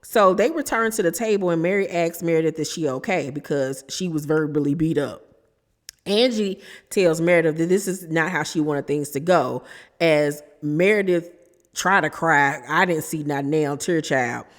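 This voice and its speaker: A woman's voice: low voice, moderate pace, long reverb tail. A woman hosting a reality TV recap, telling the drama in a sassy, gossipy way and calling her listeners honey and child. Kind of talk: casual recap commentary.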